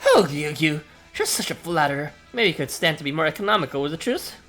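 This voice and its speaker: Man voicing a sly fox lady executive for a game, put-on British accent, sweet and smug, lively pitch. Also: quick pace, soft background music.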